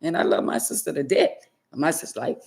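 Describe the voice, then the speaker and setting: A woman's voice: sits low, animated, fairly quick, creaky, a little mellow. A woman talking straight to her viewers in a preachy, scolding way, hammering points home by repeating them. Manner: emphatic and scolding, repeats phrases for effect. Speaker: vlogger. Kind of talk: preachy direct-to-camera talk.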